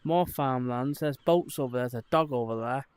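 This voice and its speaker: A medium-pitched man speaks at a moderate pace, the recording clean with no echo. He's a streamer chatting casually to viewers while exploring in a VR headset, rambling along with lots of fillers.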